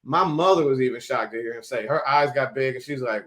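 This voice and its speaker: A middle-aged man moderates a group talk and slips into a long personal story. He tells it like a storyteller and acts out the voices of the people in it. His pitch sits in the middle range for a man. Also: fairly quick, fairly bright tone. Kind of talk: storytelling in a panel discussion.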